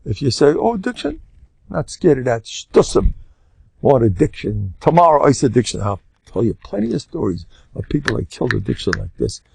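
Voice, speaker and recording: An older rabbi, giving a Torah class and swinging between loud emphasis and soft murmurs. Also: male voice, mid-range voice, very animated, fairly quick, creaky, slightly rough, no echo. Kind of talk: Torah lecture.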